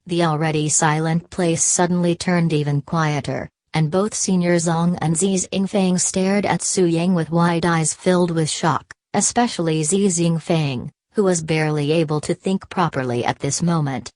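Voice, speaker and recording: A woman narrating an audiobook in a steady, even reading manner. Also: deep voice, measured pace, no room sound. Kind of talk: scripted narration.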